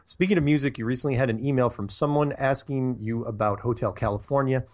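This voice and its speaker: A man's voice: mid-range voice, fast talker. A man hosting a show, reading listener emails and answering with rambling, chatty asides. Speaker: podcast host.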